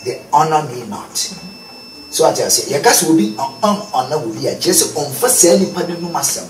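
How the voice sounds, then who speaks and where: Ghanaian man, preachy prophet, high lively voice, echoey distant noisy street recording. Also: a little fast. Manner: preachy, quotes scripture in a rising voice. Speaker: prophet, interview guest.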